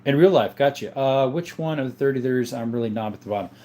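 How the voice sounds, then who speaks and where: A man's voice: mid-range voice, quick pace, mellow. A man from Southern Arizona hosting a casual livestream, reading viewer comments aloud and answering them one by one. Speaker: livestream host.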